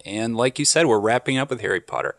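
A man's voice: mid-range voice, fast talker, a bit bright, no echo. Man hosting a podcast, dry sound. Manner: upbeat, joking banter. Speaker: podcast host. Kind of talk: casual chat.

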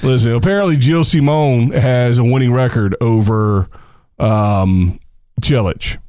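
A man co-hosting a casual tennis talk show, who is also a coach, animated and jokey, firing off emphatic rhetorical questions. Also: mid-range voice, unhurried. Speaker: tennis podcast co-host. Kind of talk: casual sports chat.

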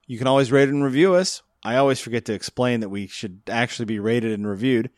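A man hosts a casual podcast, keeping things jokey and laughing often. His voice sits at an average pitch and is recorded dry and close. He talks loosely, with plenty of restarts. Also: quick pace, dry recording. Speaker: podcast host.

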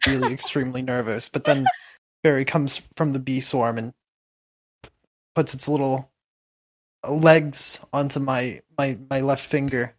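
A player in a tabletop role-playing game who rambles playfully and stumbles over the words. The voice sits at a middle pitch.

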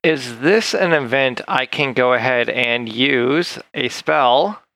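A man's voice: medium pitch, takes it slowly, vocal fry, bright, forceful tone, no echo, low-quality recording. A man playing a tabletop game, joking around and laughing often. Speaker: player. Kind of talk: casual tabletop play.

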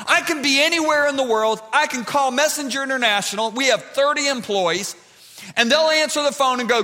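Guy preaching in a church, high voice, bright and punchy, gets loud. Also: a little fast, in a large hall. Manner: animated, rising to shouts. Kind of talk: sermon.

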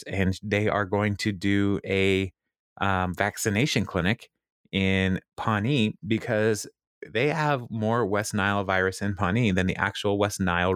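A man's voice: fairly low pitch, no echo, clean studio sound. A man casually recapping a TV episode, rambling with lots of fillers and chuckles.

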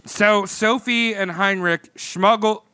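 A man's voice: high voice, steady tone, takes it slowly, sharp tone, smooth, no room sound. A man hosting a podcast, telling a history story in loose, jokey casual chat, laughing and swearing often. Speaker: podcast host.

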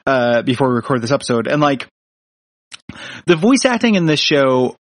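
A man's voice: medium pitch, sing-song, normal speed, no room sound, studio quality. A man co-hosting a casual podcast, recapping a cartoon episode in a rambling, joking way with frequent restarts. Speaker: podcast co-host.

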